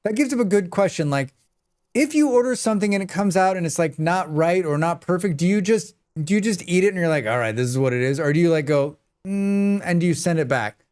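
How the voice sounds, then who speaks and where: A man's voice: high-pitched, fast talker, darkish tone. A man streaming a game and chatting casually, reading and answering viewers' messages as he plays. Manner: chatty, reads and answers viewer chat while playing. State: sneezing repeatedly. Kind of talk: casual live-stream chat.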